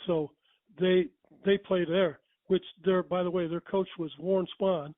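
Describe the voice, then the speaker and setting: Telling casual stories, an older man rambles, chuckles, and corrects himself in a high voice with a steady tone and measured pace. The recording is dry yet tinny and phone-like.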